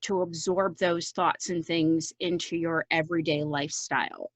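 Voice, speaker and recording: Animated, foul-mouthed woman podcast co-host. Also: deep voice, normal speed, no room sound, rough recording. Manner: animated storyteller, swears freely. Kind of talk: casual chat.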